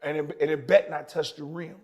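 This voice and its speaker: A man's voice: on the high side, little pitch movement, a little fast, crowd noise. A man telling a profane story in a brash, emphatic way.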